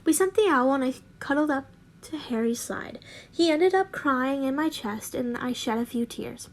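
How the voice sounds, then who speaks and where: A woman's voice: sits high, moderate pace. A woman reading her fanfiction aloud in a casual way, stumbling over words and adding joking asides. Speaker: fanfiction reader.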